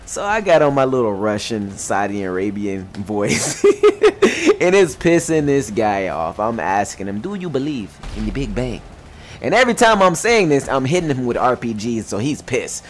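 A man's voice: mid-range voice, slight background noise. A young man hosting his own gaming channel, telling a match story in slangy, laughing commentary. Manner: animated storytelling with frequent laughs; slangy and excitable.

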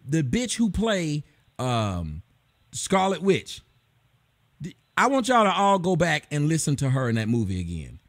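Host, middle-aged man, raised, lively, blunt, swears freely, dry close mic. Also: a little high, no echo. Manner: blunt, profane, animated ranting. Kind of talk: casual live-stream chat.

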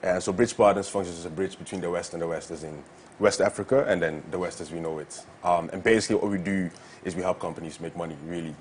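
A man with a very deep voice talking fast as an investment guest on a talk show. He answers enthusiastically, stumbling over fillers and restarts, and a faint murmur sits in the background. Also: fairly even intonation, a little hiss or hum.

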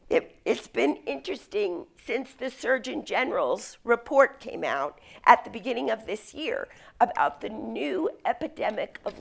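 A middle-aged woman from the United States giving a leadership lecture, telling stories in an animated way. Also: a little high, gravelly. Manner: storytelling, animated. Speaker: speaker.

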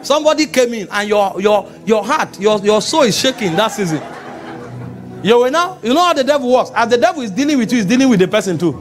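A man with a Nigerian accent, preaching an animated sermon to a congregation, often rising to shouts. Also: very high voice, fast, soft background music, some chatter behind. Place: church meeting.

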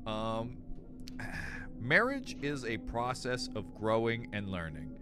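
A man's voice: medium pitch, big pitch swings, slow, music in the background. A man streaming a horror game, joking and rambling, sometimes reading the game's text aloud. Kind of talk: casual game stream chat.

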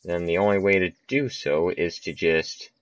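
Young guy with a really low voice chatting through a golf game, laughs at himself, kinda muffled dry recording. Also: moderate pace, dry recording. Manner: chatty, self-mocking, laughs at his misses. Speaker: gaming channel host. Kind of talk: casual gameplay commentary.

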